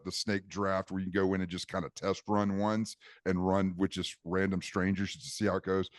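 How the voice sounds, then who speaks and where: A man's voice: lowish voice, no echo, studio quality. A man co-hosting a podcast, chatting casually and explaining things at length with many restarts. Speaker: podcast co-host. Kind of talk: casual chat.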